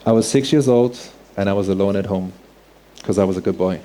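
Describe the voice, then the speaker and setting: Guy telling a heartfelt story to a crowd, warm mellow voice, earnest. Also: sits low, fairly quick. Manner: earnest, heartfelt, vivid present-tense storytelling. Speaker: speaker. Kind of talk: personal storytelling talk.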